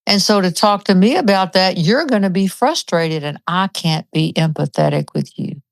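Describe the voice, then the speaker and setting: Host, seventies, female: lowish chatty voice, dry close sound, storyteller who acts out quotes. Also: normal speed, no room sound. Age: 70s. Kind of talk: casual chat.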